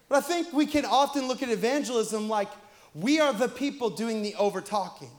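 A young man with a high, light voice preaches. He tells his stories casually and chattily, then climbs to loud, shouted points for the congregation. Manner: conversational storytelling, swinging to shouted emphasis. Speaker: pastor. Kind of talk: sermon.

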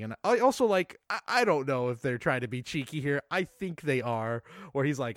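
A man's voice: mid-range voice, big pitch swings, moderate pace, few pauses, no echo, clean studio sound. A man co-hosting a casual film podcast, recapping the plot and laughing often. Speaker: podcast co-host.

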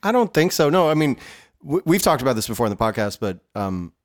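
A man's voice: medium pitch, sing-song, fast talker. Male podcast co-host, easygoing and rambling, casual delivery.

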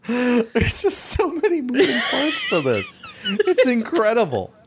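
Lively sarcastic podcast co-host man. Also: very high voice, measured pace, noisy background. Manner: laughing, profane, sarcastic riffing. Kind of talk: casual chat.

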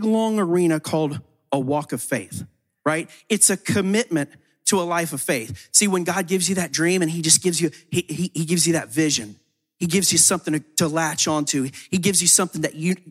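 A man with a somewhat high voice preaches as he recounts a testimony. His storytelling is loose and conversational. He leans on "like" fillers and repeats words as he goes. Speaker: ministry leader. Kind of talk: sermon testimony.

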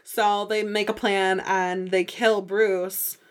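A woman talking through a TV episode on a podcast, chatty and easily excited. She peppers her talk with "like" and slips into quick impressions of the characters. Her voice sits at an ordinary middle pitch. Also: smooth. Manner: chatty and excitable, heavy use of "like", acts out characters' lines. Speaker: podcast host. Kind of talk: casual TV episode recap.

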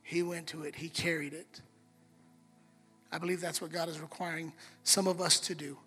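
Man, pastor, husky, very bright voice, fairly high, animated storytelling, reverberant hall, soft music underneath. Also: normal speed. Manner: animated storyteller, acts out quotes. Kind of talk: sermon with storytelling.

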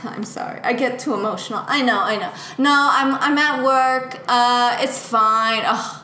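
A woman playing an anxious, doting mother in an improvised comedy scene, fussing and breaking into sudden high-pitched outbursts. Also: measured pace, sharp tone, reverberant. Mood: weary. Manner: fretful, fussing, exclaims in sudden high bursts. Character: doting, anxious middle-aged mother, easily upset.

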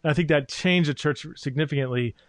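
A man's voice: a little high, a little fast, dry recording. A man hosting a podcast, talking through ideas in a thoughtful, searching way with many fillers. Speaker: podcast host. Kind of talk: interview conversation.

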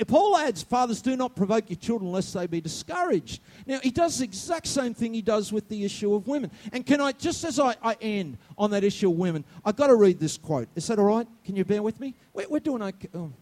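A male senior pastor with a high voice gives a sermon at a brisk pace. He's animated, swinging from loud outbursts to quiet asides and asking the congregation questions.

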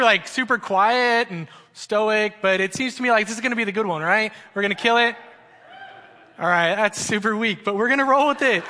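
A man's voice: very high voice, sharp tone. A man preaching a sermon as a student pastor, joking and conversational with the congregation in a large church. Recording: long hall reverb.

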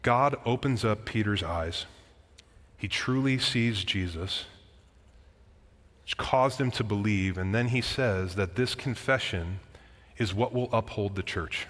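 A man's voice: on the low side, slow, fairly bright tone. A man preaching a sermon as pastor, earnest and emphatic, with casual asides to the congregation. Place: church sanctuary. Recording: church hall reverb.

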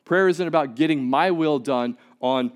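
A man's voice: on the high side, moderate pace. A pastor giving a sermon in a conversational, emphatic way, often repeating words as he goes.

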